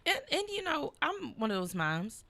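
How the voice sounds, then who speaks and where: Bright lively woman podcast co-host. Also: high voice, moderate pace, vocal fry, dry recording. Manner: lively, laughing, profane. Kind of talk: casual chat.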